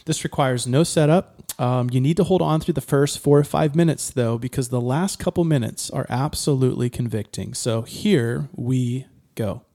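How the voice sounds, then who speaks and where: A man hosting a chat podcast, introducing segments in a relaxed, easygoing way. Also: mid-range voice, normal speed, vocal fry, few pauses. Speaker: podcast host. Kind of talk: casual chat.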